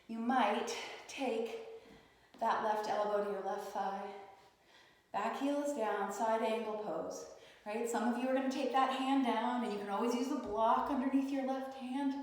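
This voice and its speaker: A woman teaching a yoga class, giving calm, encouraging cues and often asking "right?", a little out of breath as she demonstrates the poses. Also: on the high side. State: slightly out of breath while demonstrating. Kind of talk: guided yoga class instruction. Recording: echoey hall, voice from far off.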